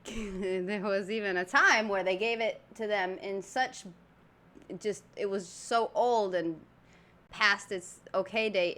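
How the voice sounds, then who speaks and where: A woman's voice: mid-range voice, fairly bright tone. A woman from Argentina giving chatty, laughing reaction commentary as a video host. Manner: chatty, laughing, thinking aloud.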